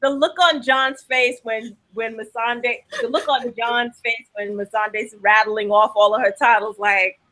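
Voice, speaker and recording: A woman's voice: on the high side, steady tone, normal speed, hardly any pauses, bright, forceful tone, rough recording. A young woman hosting a casual TV recap, chatting loosely and laughing often. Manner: chatty, laughs often, acts out lines from the show. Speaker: podcast host.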